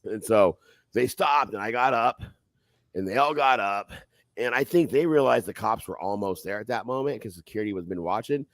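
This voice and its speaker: A man recounts a fight in a loose, profane podcast chat. His voice is gravelly and full of lively swings in pitch. The sound is dry and close to the mic. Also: moderate pace, no echo. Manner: animated, profane, acts out voices loudly. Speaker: podcast guest telling a fight story. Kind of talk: casual storytelling.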